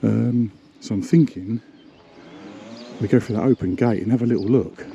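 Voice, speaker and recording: A man's voice: fairly low pitch, moderate pace, gravelly, warm tone, lo-fi sound, slight background noise. A man chatting casually to camera as a travel vlogger, rambling and self-deprecating. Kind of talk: casual vlog narration.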